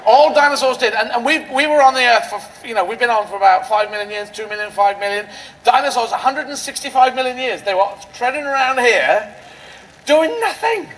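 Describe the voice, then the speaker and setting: A man's voice: extremely high pitch, a little fast, a bit bright, a little hiss or hum, rough recording. A male stand-up comedian on an outdoor rally stage, riffing in a rambling, absurdist, playful way into a stage microphone.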